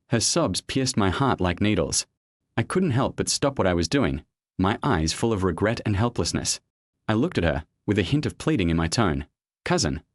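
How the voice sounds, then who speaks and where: A man narrating a web comic recap in a steady first-person storytelling manner. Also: fairly low pitch, no room sound, studio quality.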